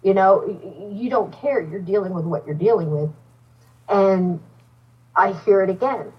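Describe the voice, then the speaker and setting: Husky woman telling a spooky story. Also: mid-range voice, normal speed, recorded from a distance, muffled recording. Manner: animated storyteller, acts out dialogue. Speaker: podcast guest, psychic medium. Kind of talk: casual storytelling interview.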